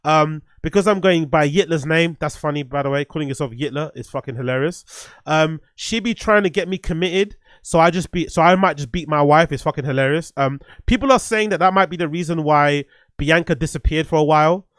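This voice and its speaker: A man's voice: fairly high pitch, fairly quick, fairly bright tone, no room sound. Blunt, profane man, dry sound. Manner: blunt, profane, rambling with restarts. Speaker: streamer host reviewing music. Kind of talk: casual livestream commentary.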